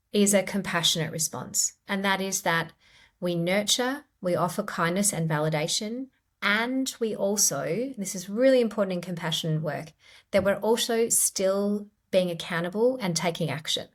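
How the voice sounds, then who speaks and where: A middle-aged woman, a clinical psychologist, explaining ideas gently in a podcast interview. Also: medium pitch, normal speed. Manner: gentle, explanatory, acts out quoted inner voices.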